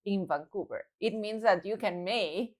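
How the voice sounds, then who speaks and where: A woman's voice: mid-range voice, normal speed. A woman in her thirties with a Mexican accent, co-hosting a podcast in casual chat and telling stories with frequent laughs. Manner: chatty, laughing, animated storytelling. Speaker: podcast co-host.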